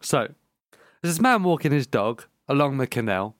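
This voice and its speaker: A man's voice: mid-range voice, very animated, normal speed, no room sound, clean studio sound. A man co-hosting a casual gaming podcast, rambling through jokes and laughing often. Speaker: podcast co-host. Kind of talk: casual chat.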